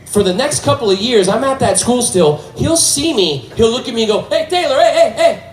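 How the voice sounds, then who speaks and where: A man's voice: extremely high pitch, animated, fairly quick, slight background noise. A male stand-up comedian telling a story on stage, switching into character voices as he goes. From United States. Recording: roomy stage sound from a distance.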